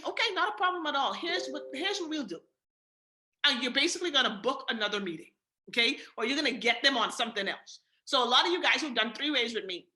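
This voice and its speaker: A woman from the Bahamas with a Bahamian accent, leading a sales training call in an energetic, casual coaching manner and acting out sales dialogue. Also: high-pitched. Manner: casual slang, many fillers. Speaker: sales team leader and trainer.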